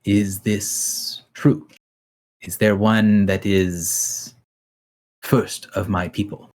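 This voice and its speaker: A formal, hooved soldier-runner speaks in slow, careful, courteous sentences, as a man acts him out. The voice sits a little low and measured. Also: flat delivery, a little mellow. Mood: earnest. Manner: slow, stiff, courteous speech.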